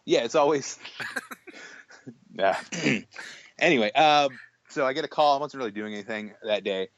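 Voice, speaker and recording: A young man co-hosting a podcast, telling an animated story in casual chat, full of restarts and acted-out quotes. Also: mid-range voice, a little slow, no echo, dull audio. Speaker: podcast co-host.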